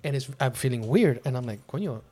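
A fast-talking podcast host with a mid-range voice spins a long personal story in a casual chat. He is animated throughout and performs the quotes of himself and other people.

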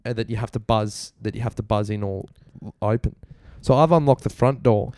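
A young Australian man casually retelling a story to friends, laughing and animated. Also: lowish voice, normal speed, no room sound.

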